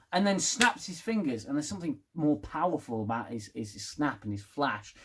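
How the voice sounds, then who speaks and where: A man's voice: on the high side, lively intonation, fairly quick, hardly any pauses, a bit bright, husky. A man giving a rambling, casual spoken TV review, swearing and getting worked up as he talks. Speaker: TV review vlogger.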